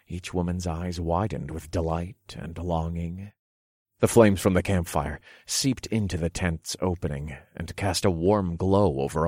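A man narrating an erotic audiobook in the first person, calm and commanding. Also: low-pitched, slightly rough, dry recording, studio quality.

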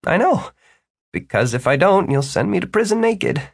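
Man putting on a wry young apprentice, raised pitch. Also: big pitch swings, moderate pace, vocal fry, no echo, clean studio sound, full character voice. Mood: teasing.

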